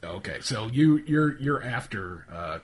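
A man narrates a tabletop role-playing session as its game master, stumbling through fillers and repeated words. His pitch moves a lot as he goes. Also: big pitch swings, a little slow, husky. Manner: hesitant, many fillers and restarts.

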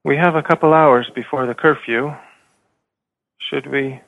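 A man at a tabletop game table, talking through his moves in a polite, halting way. His voice has a gravelly fry at an ordinary pitch. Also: fairly even intonation, no room sound, narrow, tinny audio. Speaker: player. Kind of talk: tabletop role-play.

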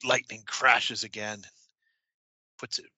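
A man narrating as game master of a tabletop horror game, talking haltingly with many restarts. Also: lowish voice, level tone, pushed and bright, no room sound, highs cut off.

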